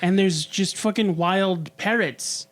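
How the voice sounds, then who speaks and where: A man's voice: high-pitched, takes it slowly. A man hosting a casual podcast chat, tossing out dry, joking asides. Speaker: podcast host.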